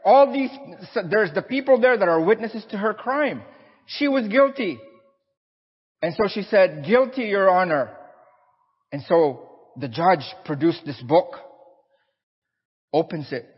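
Husky-voiced preacher telling a story. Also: male voice, high voice, a little slow, pauses often, big-room sound, lo-fi sound. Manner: animated storyteller. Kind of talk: sermon storytelling. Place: church.

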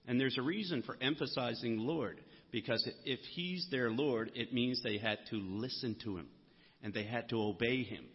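A man's voice: mid-range voice, normal speed, breathy edge. A man preaching a sermon, earnest, lifting his voice on the key words. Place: church sanctuary. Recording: muffled sound with long hall reverb.

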